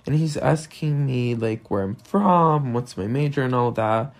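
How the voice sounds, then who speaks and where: A man's voice: mid-range voice, expressive, unhurried. A young man with a non-native English accent, hosting a podcast in a candid, self-deprecating solo monologue and swearing often. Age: young adult. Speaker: podcast host.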